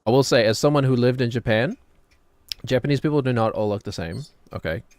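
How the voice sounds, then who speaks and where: A man's voice: medium pitch, a little fast, darkish tone, no room sound. A man in his thirties with a New Zealand accent, streaming and rambling casually in a joking, self-deprecating way. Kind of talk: casual chat while gaming.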